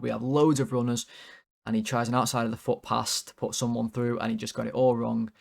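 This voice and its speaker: A man's voice: medium pitch, gravelly. A man hosting a fan channel, rating players in a casual, rambling, exasperated way with lots of fillers.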